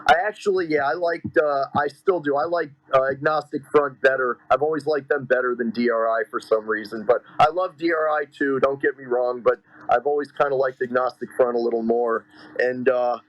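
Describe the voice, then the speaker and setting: A man's voice: medium pitch, brisk, no room sound, dull audio. A man in casual podcast chat, telling stories with lots of fillers and swearing. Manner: excitable storyteller, heavy swearing and fillers.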